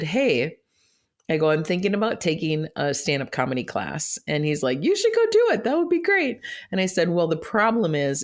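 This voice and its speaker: A middle-aged woman tells a personal story on her podcast, chatty and open, often laughing and getting choked up. She acts out her own remembered words as she goes. She is recorded in an office. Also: sits low. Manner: chatty, emotional, laughs often, quotes herself. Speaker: podcast host.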